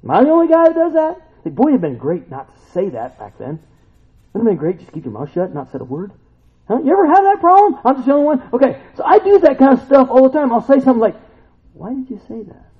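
A man teaching the Bible in a relaxed, conversational way, folksy and animated, often turning to ask his listeners questions. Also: very high-pitched, quick pace, breathy edge. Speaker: preacher. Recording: tinny phone-like sound.

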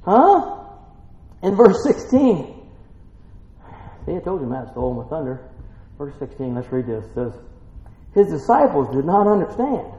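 Excitable preacher in an echoey hall. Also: male voice, fairly high pitch, normal speed, pauses often, highs cut off. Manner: swings from quiet reading to shouted excitement; calls out to the congregation with questions. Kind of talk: sermon.

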